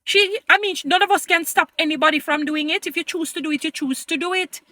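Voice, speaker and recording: A woman vlogger talks straight to her followers in a high, bright voice. She argues emphatically and pleads with them, sliding into a preachy, sermon-like tone. Her delivery is insistent throughout. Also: fast, no echo. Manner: addresses viewers as "beautiful people". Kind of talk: opinion commentary to camera.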